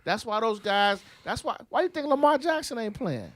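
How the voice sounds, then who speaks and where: A man talking sports with friends in an animated, heated, profane way. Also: extremely high pitch, moderate pace, no room sound, clean studio sound. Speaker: podcast co-host. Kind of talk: casual sports chat.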